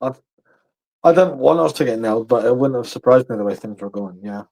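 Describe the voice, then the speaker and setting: A man's voice: medium pitch, animated, brisk, creaky, darkish tone, rough recording. A man, co-hosting a casual podcast with jokey, chatty banter. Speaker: podcast co-host. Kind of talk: casual sports chat.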